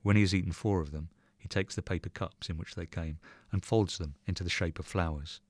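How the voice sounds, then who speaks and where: A man reading a short story aloud in measured, even narration. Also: low-pitched, no room sound. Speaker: reader.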